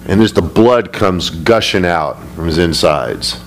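A male pastor teaching a Bible study, speaking emphatically and climbing high when he retells scripture. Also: measured pace, slight background noise. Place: church sanctuary.

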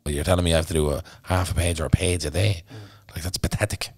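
A deep-voiced man with an Irish Traveller accent rattles through his stories at a quick clip, blunt and full of swearing. He talks as a guest on a podcast, and the sound is close and dry with no room behind him. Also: slightly rough, dry recording. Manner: blunt, sweary, animated storytelling. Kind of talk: casual podcast chat.

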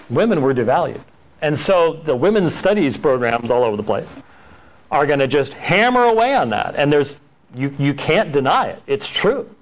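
A man's voice: fairly high pitch, low-quality recording. A man teaching a church history Sunday school class, talking conversationally with frequent fillers and restarts, sometimes acting out quoted dialogue. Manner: acts out quoted dialogue in storytelling.

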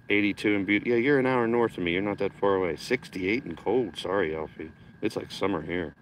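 A man's voice: sits low, a little fast, few pauses, a little hiss or hum, rough recording. A man hosting a casual gardening livestream from his backyard, chatting and swearing loosely while reading out viewer comments. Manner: chatty, swears casually, reads chat aloud.

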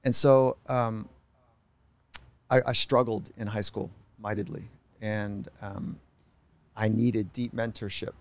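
A middle-aged man, a psychologist guest on a podcast, telling stories in a reflective, unhurried way. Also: fairly low pitch, level tone. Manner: reflective, unhurried, acts out quoted voices. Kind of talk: podcast interview storytelling.

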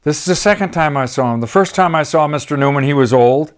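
A man's voice: a little high, fast talker, smooth. An older man, a documentary photographer, talking casually through his photographs with rambling, folksy asides. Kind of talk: storytelling slideshow talk.

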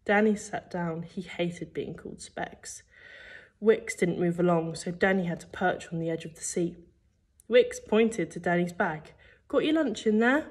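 A woman's voice: fairly low pitch, unhurried, husky. A woman teacher reading a children's book aloud, telling the story expressively. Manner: expressive storytelling, acting out the characters. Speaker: primary school teacher.

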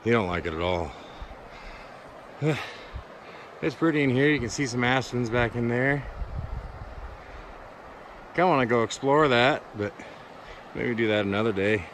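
A man's voice: mid-range voice, expressive, measured pace, pauses often, a bit bright, low-quality recording. A man talking casually while hiking and prospecting along a mountain creek, rambling and laid-back, a bit winded, recorded on a handheld camera outdoors. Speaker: prospecting vlogger. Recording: outdoor wind and creek noise. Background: flowing creek.

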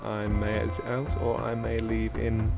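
A man's voice: on the low side, completely flat delivery, normal speed, creaky, loud music behind the voice. A man casually commenting on a video game as he plays, jokey and self-deprecating. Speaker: let's play gamer.

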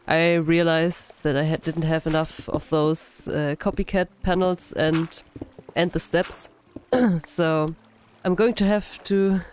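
A woman with a sick, hoarse voice, giving casual, self-deprecating commentary while playing a building game. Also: fairly low pitch. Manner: self-deprecating, frequent laughs. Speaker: gaming channel host. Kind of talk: casual let's-play commentary.

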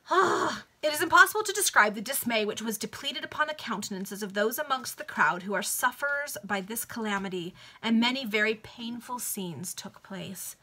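A woman's voice: medium pitch, bright, forceful tone. A woman casually reading a nineteenth-century novel aloud to friends over a video call, with chatty asides. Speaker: reader.

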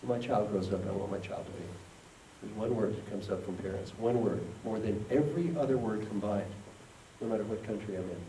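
With a warm tone and a fairly low pitch, the keynote speaker talks fairly quickly as he motivates a conference hall audience and draws them into call and response. The recording is echoey and distant, with faint background noise.

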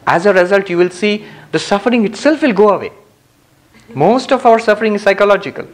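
A man giving a spiritual lecture to a live audience in a community center hall, speaking calmly and reflectively, with gentle humor and long pauses. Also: high-pitched. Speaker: spiritual teacher.

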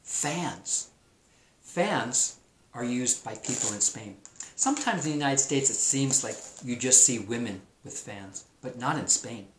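A man's voice: medium pitch, lively intonation, a little slow. A man teaching a remote class, talking in a chatty, enthusiastic way and drawing out words for emphasis. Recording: roomy echo, faint noise.

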